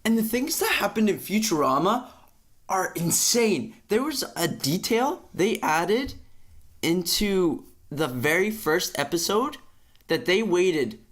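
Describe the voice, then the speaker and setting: Animated, profane young man ranting on a podcast. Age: young adult. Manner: profane, animated ranting with sudden pitch jumps. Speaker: podcast co-host. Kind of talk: casual chat.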